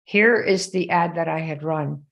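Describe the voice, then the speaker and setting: A woman hosting a live show speaks at a measured pace in a low, creaky voice that's a bit bright. She tells a story conversationally, addresses viewers by name, and acts out the quotes in her own voice.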